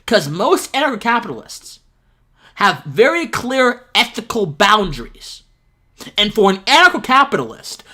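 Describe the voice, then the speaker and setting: A man's voice: sits high, pushed and bright. A man streaming live, reacting to a video with exasperated ranting and frequent laughter.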